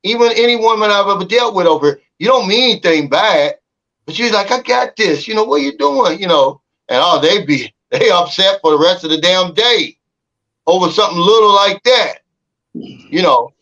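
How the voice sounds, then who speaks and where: A man's voice: sits high, normal speed, sharp tone. Laid-back male panel host, lo-fi sound. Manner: laughs easily, colloquial, asks panelists by name. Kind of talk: casual panel chat.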